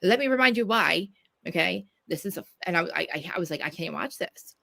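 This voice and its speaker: A woman's voice: on the low side, animated, fairly quick, vocal fry, a bit bright. A woman from New Jersey, ranting in casual chat, swearing a lot and restarting her sentences. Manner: profane, ranting, many restarts.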